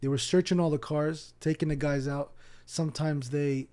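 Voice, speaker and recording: West bank guy on a podcast, warm mellow voice, keeps stumbling and restarting, really animated. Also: fairly high pitch, normal speed. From West Bank, Palestine. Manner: animated, acts out dialogue, repeats words when starting sentences. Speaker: podcast guest, Islamic teacher. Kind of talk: casual storytelling interview.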